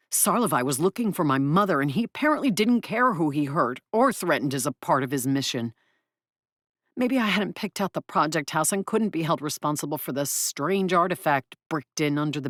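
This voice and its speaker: Low, lively woman audiobook narrator. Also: dry recording, studio quality. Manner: expressive, brisk. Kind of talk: first-person audiobook narration.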